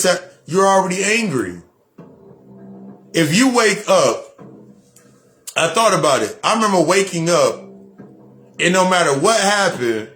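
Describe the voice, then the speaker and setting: Blunt, preachy man speaking fairly high. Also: sing-song, unhurried, pauses often, fairly bright tone. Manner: preachy, repetitive, blunt with profanity. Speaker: spiritual speaker. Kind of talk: motivational monologue.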